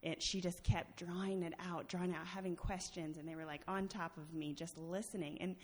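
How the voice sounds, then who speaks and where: Speaking fairly quickly in a slightly mellow, low voice with a steady tone, a woman tells her personal testimony to a church congregation. She laughs a lot and leans on fillers in a chatty style, while the sanctuary adds a long, large-hall reverb.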